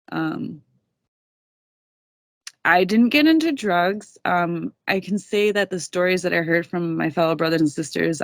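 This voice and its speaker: Young woman guest, gravelly, blunt and casual, dry close sound. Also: on the low side, no room sound. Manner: candid, swears freely, says "dude". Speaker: podcast guest. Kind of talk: casual storytelling.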